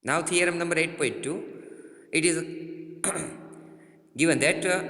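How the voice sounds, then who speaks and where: A man with an Indian English accent teaching a maths lesson, halting and repeating himself with many fillers. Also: fairly high pitch, pushed and bright. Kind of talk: classroom lesson. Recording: roomy echo, long reverb.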